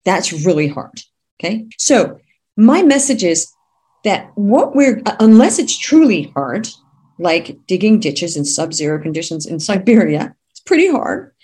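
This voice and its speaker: A woman business coach, a podcast guest, telling her story in an emphatic, animated way. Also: lowish voice, a little slow, breathy edge. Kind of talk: podcast interview.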